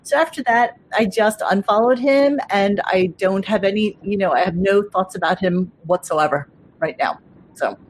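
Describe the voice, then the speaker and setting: A woman's voice: medium pitch, moderate pace, a little hiss or hum. A woman hosting a podcast in casual chat, blunt and swearing freely, with plenty of fillers and restarts. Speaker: podcast host.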